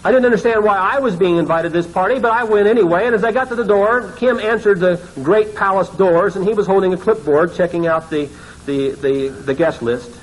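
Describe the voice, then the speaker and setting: A male pastor tells a dream story in a dramatic sermon, often sinking to hushed, ashamed tones. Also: high voice, a little fast, low-quality recording.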